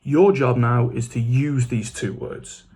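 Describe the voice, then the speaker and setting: Gravelly man teaching with dry humour. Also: medium pitch, steady tone, slow pace, a little mellow. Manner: dry, self-mocking humour; switches between Welsh phrases and English glosses. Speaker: Welsh language teacher. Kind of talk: scripted casual lesson.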